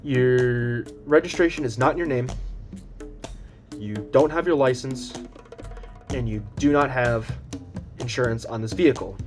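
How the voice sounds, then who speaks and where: A man's voice: measured pace, pauses often. Young man, casual storytime vlogger, rambles and restarts, plays everyone's lines himself, music bed behind. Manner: rambling with many restarts and fillers; acts out quoted voices, squeaks high when panicked.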